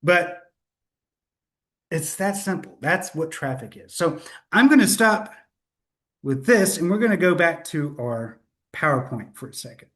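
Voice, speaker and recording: A man's voice: fairly high pitch, animated, unhurried, long pauses, fairly bright tone. Upbeat man hosting a live webinar. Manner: upbeat, self-correcting, laughs at own slip-ups. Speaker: webinar host.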